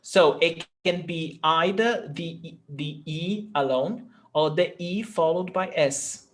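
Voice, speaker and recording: A man's voice: on the high side, slow. A man, teaching a language class and patiently repeating example words. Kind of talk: live online class.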